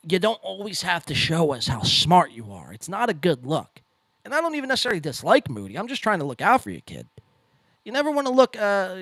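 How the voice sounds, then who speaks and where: A man hosts a podcast and talks over clips in a loose, sarcastic, profane way. His pitch sits a little high and swings widely as he mocks and stumbles through restarts. The sound is dry and close. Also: no room sound. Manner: sarcastic, mocking, lively delivery. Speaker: podcast host reacting to clips. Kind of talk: casual profane commentary.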